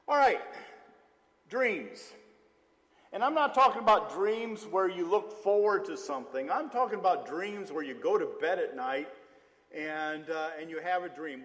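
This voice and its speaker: A middle-aged man preaching a sermon, telling stories with lots of filler "uh"s and an animated delivery. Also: on the high side. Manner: storytelling, animated, with frequent "uh" fillers. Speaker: pastor. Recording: long hall reverb.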